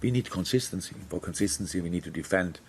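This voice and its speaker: A middle-aged football manager answering press questions frankly, with many restarts. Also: male voice, sits low, quick pace, a little mellow, slight background noise. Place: press conference room.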